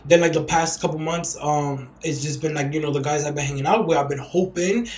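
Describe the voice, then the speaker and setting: A man hosting a podcast, telling stories in a casual, animated, profane way. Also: a little high, fairly quick, reverberant, slight background noise. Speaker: podcast host. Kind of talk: casual chat.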